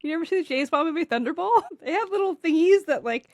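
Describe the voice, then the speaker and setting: A woman's voice: very high-pitched, animated, quick pace. A woman co-hosting a comics podcast, speaking casually and emphatically and laughing often. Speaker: podcast co-host.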